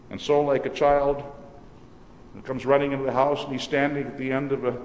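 A man's voice: medium pitch, a little mellow. Man preaching in an echoey church. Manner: dramatic storytelling with varied emphasis. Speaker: pastor. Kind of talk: sermon. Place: church sanctuary. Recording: echoey church hall, faint noise.

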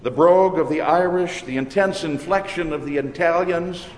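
Minnesotan pastor preaching in an echoey hall. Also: male voice, a little high, darkish tone, slight background noise. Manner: measured, deliberate preaching cadence. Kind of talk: sermon. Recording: echoey church hall with long reverb.

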